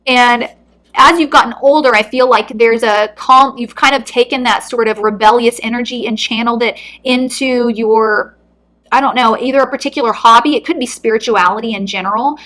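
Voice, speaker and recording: A woman giving a heartfelt intuitive card reading, speaking softly and earnestly, close to tears. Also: on the high side, fairly even intonation, normal speed. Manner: soft, earnest, emotional. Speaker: tarot reader.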